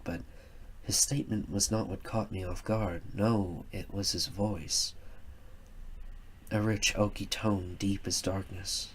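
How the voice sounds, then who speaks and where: A man narrating a first-person story in a measured, reflective way. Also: low voice, fairly bright tone, slightly rough.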